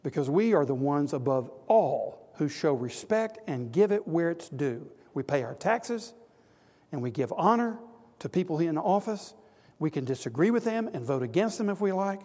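A man's voice: on the high side, big pitch swings, normal speed, darkish tone, big-room sound. A man preaching a sermon to an audience of men, earnest and exhorting, building to emphatic repetition.

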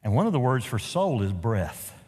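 In a church sanctuary with a big-room sound, a pastor preaches in a husky, medium-pitched voice at normal speed. He tells animated stories peppered with humorous asides.

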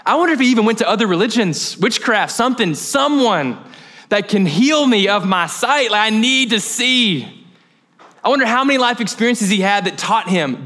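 A man's voice: sits high, animated, moderate pace, bright, forceful tone. A young man preaching a sermon as pastor, conversational and joking, with off-the-cuff asides.

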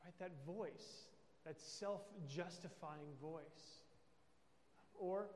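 Male pastor, higher voice, emphatic sermon delivery, recorded in a reverberant hall. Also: measured pace, a little mellow, slight background noise. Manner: emphatic, with conversational check-ins. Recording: echoey hall with long reverb.

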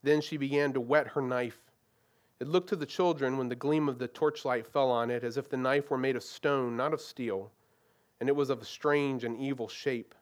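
A man retelling and then reading a story aloud with an expressive, dramatic delivery. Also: medium pitch, moderate pace.

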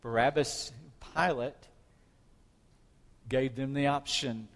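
A man delivers a sermon in a dramatic storytelling manner, his voice swelling on key moments. His voice is of middling pitch and carries the long reverb of a hall. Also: fairly even intonation, slow, pauses often. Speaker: preacher.

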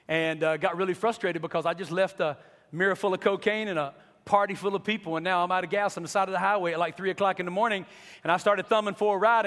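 A man's voice: high voice, fairly bright tone, in a large hall. A man from North Carolina, giving an earnest, emotional church testimony as a guest speaker. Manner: earnest, emotional storytelling, building to impassioned pleas.

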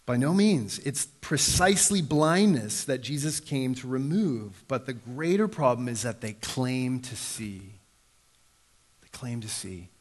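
A man's voice: expressive, unhurried. A man in his thirties preaching a sermon in a conversational way, acting out the voices he quotes. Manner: conversational, acts out quoted voices with sudden pitch jumps. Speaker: pastor.

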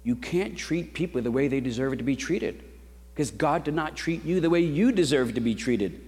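A man's voice: a little high, expressive, moderate pace, a little mellow, breathy edge. A middle-aged man preaching a sermon in a conversational storytelling style, with rhetorical questions to the congregation. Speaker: pastor. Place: church sanctuary. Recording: long reverb of a large hall.

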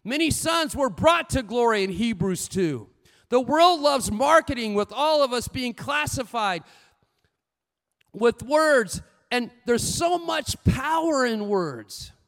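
A man preaching a sermon with lively storytelling, swinging between loud bursts and hushed asides. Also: extremely high pitch, takes it slowly, in a large hall.

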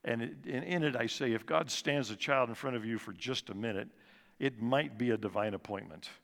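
A man in his sixties giving an earnest personal testimony at a church service, slowing and dropping his voice soft for emphasis. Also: mid-range voice, gravelly. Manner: earnest storytelling, slows and drops soft for emphasis. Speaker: guest speaker at church service. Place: church sanctuary. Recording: long reverb of a large church hall.

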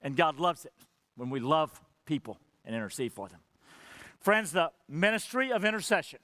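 This male pastor preaches with passion, his voice on the high side, very animated, pushed and bright, at a normal speed with no room sound. He plays out the exchange between God and Moses, sinking dramatically to near whispers to make his points.

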